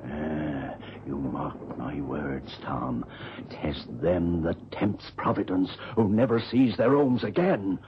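An actor playing a superstitious old ship's carpenter, a gentle giant who speaks slowly and solemnly with archaic turns of phrase. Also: male voice, mid-range voice, expressive, muffled recording, slight background noise. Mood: solemn warning. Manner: slow, solemn, warning tone with archaic 'tis.

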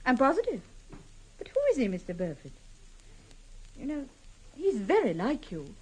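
An actress playing the detective's eager, quick wife in an old radio drama. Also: female voice, high-pitched, very animated, slightly rough, heavily acted, low-quality recording. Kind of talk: 1950s radio drama acting.

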